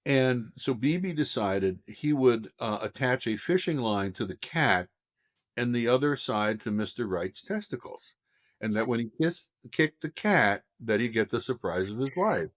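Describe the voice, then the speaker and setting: An older man, a film director guest on a podcast, telling a lively story and acting out voices. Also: medium pitch, unhurried. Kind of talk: casual anecdote telling.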